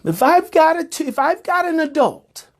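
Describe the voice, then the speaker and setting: Speaking at a moderate pace in a very high, sing-song voice, a man who teaches parenting presents an emphatic livestream. He keeps repeating his main phrases and rhetorical questions.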